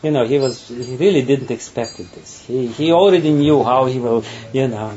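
A man giving a spiritual talk and telling a parable. He speaks haltingly, repeats words, and often breaks into laughter. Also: mid-range voice, warm tone. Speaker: spiritual teacher. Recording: dull, faint background noise.

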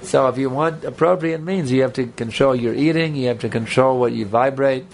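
A man's voice: mid-range voice, fairly quick, gravelly, slight background noise. A man giving a spiritual talk to a live audience in a conversational, rambling way, with joking asides. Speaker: spiritual teacher. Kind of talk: sermon with audience banter.

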